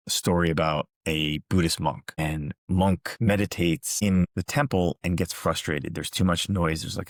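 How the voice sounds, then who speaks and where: Very deep-voiced man telling calm parables. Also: no echo, clean studio sound. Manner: calm storytelling, measured and earnest. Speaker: motivational speaker and coach. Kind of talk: reflective motivational talk.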